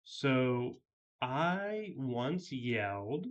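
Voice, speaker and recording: A man's voice: mid-range voice, expressive, takes it slowly, dull audio. A man telling a story in a casual vlog, rambling and heavily profane with many fillers. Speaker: vlogger.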